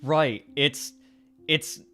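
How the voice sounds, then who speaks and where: A man's voice: a little high, drawn-out words, sharp tone. Chatty man hosting a stream. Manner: rambling, chatty, laughs often. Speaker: stream host. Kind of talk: casual livestream chat. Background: faint music.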